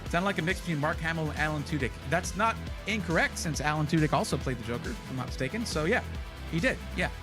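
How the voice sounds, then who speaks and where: A man's voice: on the high side, animated, fast talker, over music. A man hosting a casual livestream, chatty and rambling, often correcting himself as he talks. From United States. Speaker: livestream host.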